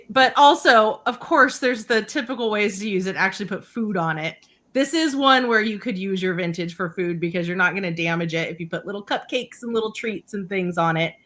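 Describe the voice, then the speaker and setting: A woman's voice: medium pitch, expressive, moderate pace, a bit bright. A woman guest seller presenting a vintage item on a live sale, talking in an easygoing, rambling way. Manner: easygoing, rambling product talk.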